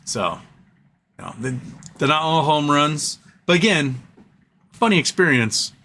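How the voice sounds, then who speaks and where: A man's voice: a little high, measured pace. A man hosting a live stream, telling stories casually and rambling, with lots of fillers and asides. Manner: rambling, animated storyteller with frequent fillers and asides.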